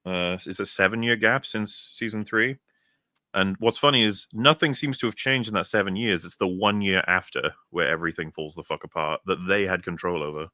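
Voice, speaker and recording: A man's voice: low-pitched, fairly quick, bright, forceful tone, no room sound, studio quality. A man co-hosting a casual podcast, musing about shows in a mildly exasperated way. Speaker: podcast co-host. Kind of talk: casual chat.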